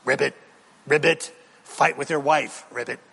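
A man putting on a taunting male frog-like demon spirit that croaks between goading urges. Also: medium pitch, fairly even intonation, measured pace, a bit bright, big-room sound, heavily acted.

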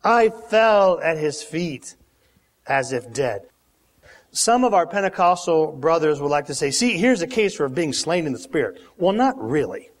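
Slow, dramatic preacher man in a hall. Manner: dramatic, acts out quotes with big pitch swings. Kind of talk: sermon. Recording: long hall reverb.

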